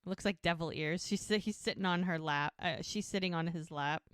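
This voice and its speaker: A woman's voice: fairly low pitch, fairly quick, dry recording, studio quality. Chatty woman retelling a scene. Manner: retells scenes with quoted dialogue, laughs often. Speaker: podcast co-host recapping episodes. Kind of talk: casual recap chat.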